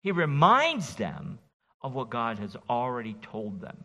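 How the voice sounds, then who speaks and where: A middle-aged pastor giving an expository sermon in a church, animated and folksy, joking with his congregation. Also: medium pitch, measured pace. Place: church sanctuary. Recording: reverberant church hall.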